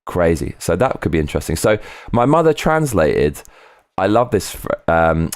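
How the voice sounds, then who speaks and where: A streamer with a somewhat low voice hangs out casually, reading comments from viewers and wandering off-topic while swearing freely. He talks at normal speed in a sing-song way, recorded dry and close with no echo.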